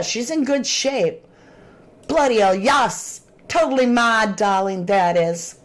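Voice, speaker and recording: A woman hosting a true crime livestream, chatting casually and reading viewer comments aloud. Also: mid-range voice. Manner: chatty, animated, Southern-tinged slang.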